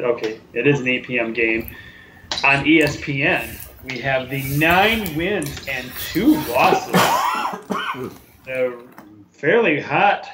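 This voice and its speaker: A man's voice: mid-range voice, pushed and bright, a little hiss or hum, low-quality recording. A man co-hosting a casual sports picks show, talking in a chatty, rambling way with plenty of fillers.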